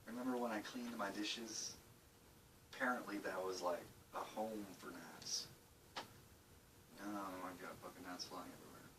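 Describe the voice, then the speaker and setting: Profane, deep-voiced man rambling at home. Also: fairly even intonation, normal speed, long pauses, recorded from a distance, noisy background. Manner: profane, self-mocking, muttering. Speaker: vlogger. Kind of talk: casual rambling video diary. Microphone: phone camera.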